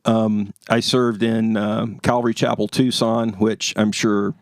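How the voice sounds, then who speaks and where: A man's voice: fairly low pitch, little pitch movement, unhurried, no room sound, studio quality. A man in his sixties from Florida, a pastor, chatting casually, laughing often and giving short, good-humoured replies. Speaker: pastor and retired Air Force master sergeant. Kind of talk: casual chat.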